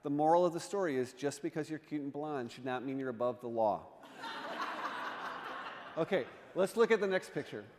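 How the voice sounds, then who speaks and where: This man, an artist in residence with a somewhat high voice, is animated and moderately paced, pausing often as he tosses jokes and questions to a congregation during a humorous illustrated talk. The background is noisy, and the church sanctuary adds a long, lingering echo.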